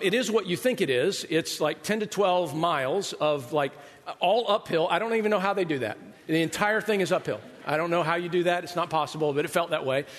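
A man's voice: high voice, a bit bright. A middle-aged man, the pastor, giving a sermon in a large church hall, telling conversational stories with self-deprecating humor. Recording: long reverb of a large hall.

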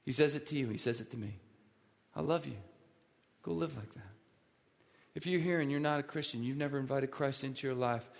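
Man, pastor, sermon, emphatic, repeats himself, gravelly, long hall reverb. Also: medium pitch. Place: church sanctuary.

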